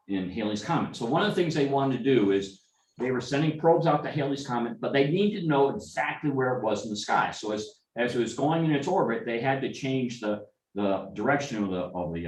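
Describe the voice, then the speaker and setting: A man's voice: medium pitch, animated, a little fast. Rambling storyteller man in an echoey room. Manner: rambling anecdotal storytelling with restarts and asides. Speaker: club member telling stories. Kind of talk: informal talk to a club meeting. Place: meeting room. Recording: echoey room, speaker far from mic.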